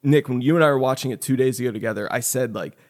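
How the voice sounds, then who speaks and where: Animated man chatting about a film. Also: medium pitch, fast talker. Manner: animated, laughs while retelling stories. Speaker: podcast co-host. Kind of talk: casual film discussion.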